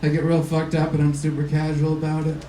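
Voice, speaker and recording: A nineteen-year-old man from Ohio doing a stand-up set of dark deadpan one-liners, out of breath. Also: a little high, fast. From Ohio, Cincinnati area. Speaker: young stand-up comedian. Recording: roomy comedy club from far off. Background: crowd noise.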